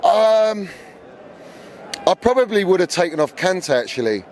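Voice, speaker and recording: Interviewed outdoors on a city street, a football fan gives his blunt, opinionated take on a lost match, his anger building as he goes. His voice sits high and is darkish in tone, with big pitch swings and a slightly slow pace.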